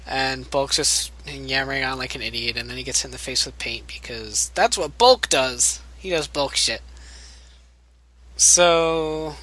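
A man co-hosting a podcast, recapping a TV episode in casual chat, sarcastic and profane, mocking the characters in quick asides. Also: on the high side, sharp tone, poor audio.

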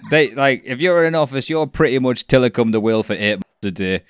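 A man chatting casually as a podcast co-host, animated and swearing freely, laughing at his own jokes. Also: medium pitch, fast talker, clear, resonant tone, no echo, studio quality. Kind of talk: casual chat.

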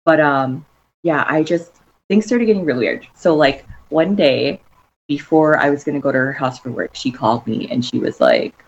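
A young woman casually telling a story with lots of fillers and lively quoted voices. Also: deep voice, normal speed, lo-fi sound. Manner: chatty, filler-heavy, animated quoting of others.

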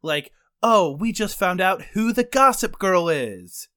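A man's voice: high-pitched, big pitch swings, unhurried, fairly bright tone. A man co-hosting a comedy podcast, talking in an eager, playful way. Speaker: podcast co-host.

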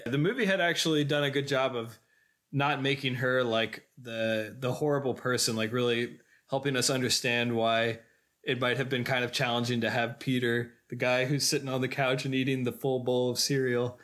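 Brief: male podcast co-host, mid-pitched, chatty, methodical plot recaps. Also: steady tone, moderate pace, a bit bright. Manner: detailed plot recapping with frequent fillers. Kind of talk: casual film discussion.

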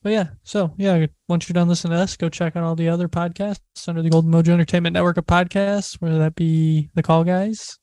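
A man's voice: on the high side, level tone, fast, few pauses, a little mellow, no echo. A man co-hosting a podcast, upbeat as he plugs the show in casual chat. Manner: upbeat plugging and sign-off chatter. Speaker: podcast co-host.

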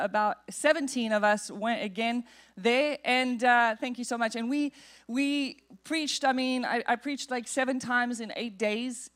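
A woman pastor preaching in a church, telling a personal story in an animated, humorous way. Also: on the high side. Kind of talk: storytelling sermon. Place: church sanctuary.

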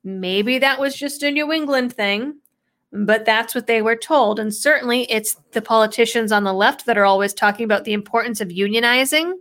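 Reading quotes from an article, a female political commentator from a New England background adds her own skeptical, sarcastic remarks. She speaks at a moderate pace in a slightly bright voice on the high side.

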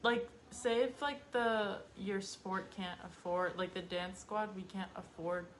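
A woman's voice: mid-range voice, fairly even intonation, measured pace, a little hiss or hum. A teenage girl chatting casually with her mother, hesitant, full of likes and ums. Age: teens. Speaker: daughter. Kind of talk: casual chat.

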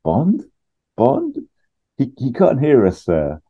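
A man's voice: medium pitch, huge pitch swings, slow pace, warm tone, slightly rough, muffled recording, voice pushed up, exaggerated voice. A man voicing a fussy older male quartermaster from a spy film, reading his lines in a raised, fretful way. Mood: anxious.

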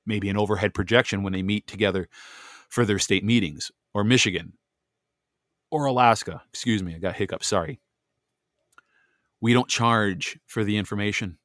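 Impassioned low-voiced man preaching. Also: moderate pace, pauses often, a bit bright, no echo, clean studio sound. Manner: impassioned, preachy, addresses listeners directly. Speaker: podcast host. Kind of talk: heated religious podcast talk. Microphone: close desk microphone.

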